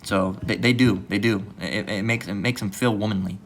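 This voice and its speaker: A man's voice: fairly low pitch, fairly even intonation, moderate pace, gravelly. Blunt, profane male street preacher. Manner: blunt, profane, repeats "all right" often. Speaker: religious teacher. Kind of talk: casual preaching lesson.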